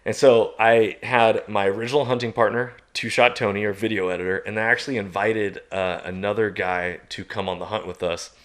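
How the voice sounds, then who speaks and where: Low-voiced man telling a lively story. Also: a little fast, few pauses. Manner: animated, self-mocking, chuckles at his own story. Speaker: podcast guest. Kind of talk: casual storytelling.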